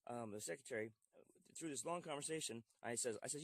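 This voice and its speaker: Brief: male veteran, rapid and aggrieved storyteller, dry close sound, quiet recording. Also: medium pitch, dry recording. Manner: frustrated storytelling, many restarts and quoted dialogue. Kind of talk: recorded phone call. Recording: faint quiet voice over phone.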